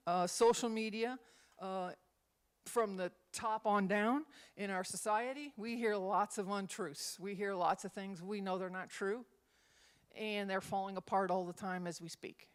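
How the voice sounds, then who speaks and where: A woman's voice: mid-range voice, steady tone, measured pace, smooth. A woman minister and former schoolteacher leading a Bible study, talking conversationally and acting out example phrases in different tones.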